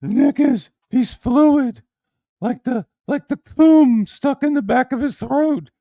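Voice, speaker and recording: A man putting on a high, mocking impression of a whiny, awkward young man. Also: takes it slowly, dark tone, no echo, clean studio sound, exaggerated voice.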